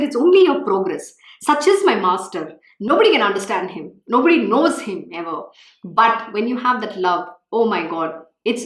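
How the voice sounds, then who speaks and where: Fervent woman, lively pitch. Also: roomy sound, poor audio. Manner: fervent, emphatic, repeats phrases. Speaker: spiritual teacher. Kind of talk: devotional scripture reading and talk.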